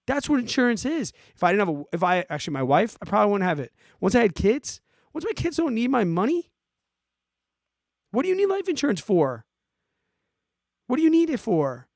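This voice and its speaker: A forty-year-old man hosting a podcast, ranting in an animated, exasperated way and giving casual advice to listeners. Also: high voice, brisk, creaky, long pauses, no room sound, clean studio sound. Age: 40s. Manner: animated, exasperated, emphatic, swears. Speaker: podcast host answering listener questions.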